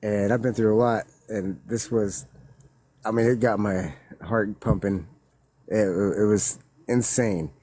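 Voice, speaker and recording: A man telling a witness story in a loose, rambling way, laughing and growing excited as he recounts it. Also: on the low side, slow, dry recording. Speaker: witness guest. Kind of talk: casual storytelling.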